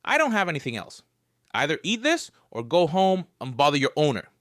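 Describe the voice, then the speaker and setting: A man's voice: mid-range voice, wildly swooping pitch, fast talker, no echo, studio quality. A man voicing a kind, anxious but resolute young woman in a storybook reading, raising his voice for her lines. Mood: urgent.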